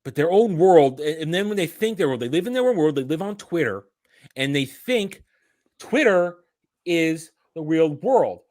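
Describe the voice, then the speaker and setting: A man's voice: a little high, normal speed, no room sound, clean studio sound. A man hosting a casual commentary chat, ranting with lots of restarts. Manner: ranting, animated, frequent restarts. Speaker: host.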